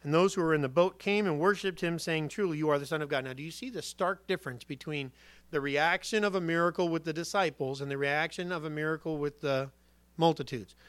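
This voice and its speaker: A man preaching a conversational sermon, retelling a Bible story with lively asides. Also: a little high, brisk, clean tone, no echo. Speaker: pastor.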